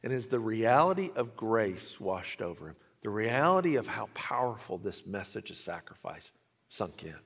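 A man preaching a sermon, telling a story and swinging between hushed lines and emphatic ones. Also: lowish voice, expressive, a little slow. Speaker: pastor. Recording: long reverb of a large hall.

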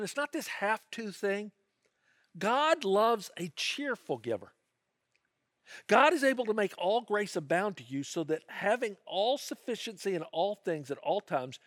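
A man's voice: high voice, a bit bright, no echo, studio quality. A man preaching a sermon, earnest and conversational, with asides and quoted prayers. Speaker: pastor.

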